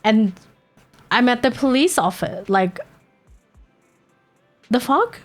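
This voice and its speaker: A woman's voice: a little high, animated, slow. A woman streamer telling a personal story in casual chat, candid and swearing freely, with chuckles between points. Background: faint background music.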